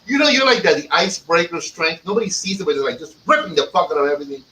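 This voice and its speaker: Co-host, male, bright high voice, brash and profane, distant mic with light hiss. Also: expressive, rapid-fire. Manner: loud, joking, swears a lot, jumps into shouts. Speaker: podcast co-host. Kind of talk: casual profane banter. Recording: distant mic with faint background noise.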